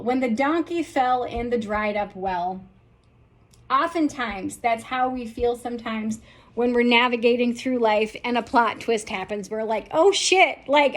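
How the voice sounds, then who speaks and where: High-voiced animated woman telling a story. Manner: animated storyteller who acts out characters' reactions. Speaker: podcast host. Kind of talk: storytelling podcast monologue.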